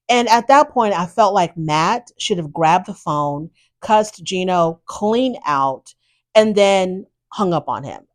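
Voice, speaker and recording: A woman hosting a podcast, casually recapping a reality show with blunt, animated opinions and exasperated asides. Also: fairly low pitch, takes it slowly. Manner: animated, exasperated, talks straight to the subject.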